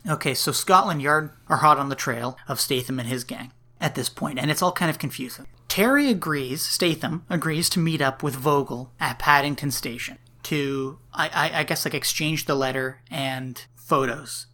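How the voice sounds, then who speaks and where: A man's voice: a little high, normal speed, hardly any pauses, bright, forceful tone. Laughing man recapping a movie. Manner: laughs often, hedging recap with many likes. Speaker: podcast co-host. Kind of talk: casual movie-review chat.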